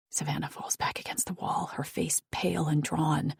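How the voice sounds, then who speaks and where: Casting: woman audiobook narrator, low husky voice, soft hushed delivery, dry booth sound. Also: steady tone, normal speed, few pauses, dry recording, in a whisper.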